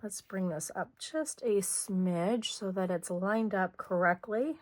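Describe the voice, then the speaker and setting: Hoarse-voiced woman chatting through a craft tutorial. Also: medium pitch, slow pace, no room sound. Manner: chatty, talks while working, frequent throat clearing. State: slightly hoarse. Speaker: scrapbooking host.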